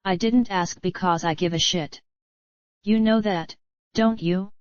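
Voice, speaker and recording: A woman voicing a cruel, crude mayor who taunts a captive, in a slow screenplay reading. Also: mid-range voice, no room sound, natural voice. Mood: taunting. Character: cruel scheming mayor, mocking captor. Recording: dull lo-fi dry recording.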